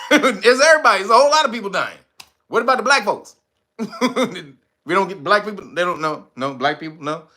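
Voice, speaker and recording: A man hosting casual political commentary, profane and animated, laughing often. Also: high voice, brisk. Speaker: commentary channel host.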